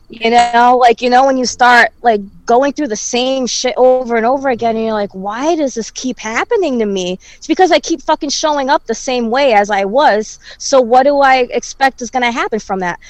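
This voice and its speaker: A woman's voice: a little high, no room sound, poor audio. A woman talking candidly in casual chat, reflective and swearing freely.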